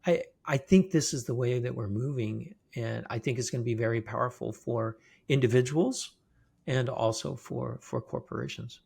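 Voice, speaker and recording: A man's voice: medium pitch, normal speed, gravelly, a little mellow, breathy edge. A man hosting a podcast interview, conversational and often checking in with the guest. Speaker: podcast host. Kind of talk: casual interview chat.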